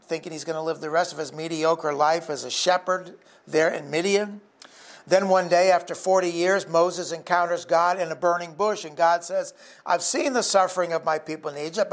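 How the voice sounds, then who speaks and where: A man's voice: sits high, fairly even intonation, moderate pace. A man pastor preaching a sermon for an online church, telling stories and jokes and acting out the voices in them.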